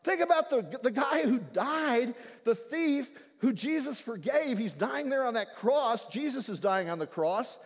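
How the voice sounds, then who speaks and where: A male pastor gives an animated, humorous sermon in a church, swinging widely between voices and moods. His voice sits high for a man and rings with a long hall reverb. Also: unhurried, hardly any pauses.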